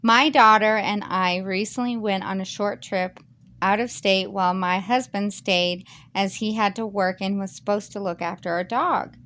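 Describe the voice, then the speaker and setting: A woman's voice: medium pitch, steady tone, normal speed, a bit bright. A woman who reads a Reddit post aloud and then reacts to it in a heated, emphatic rant. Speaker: YouTuber reading Reddit posts.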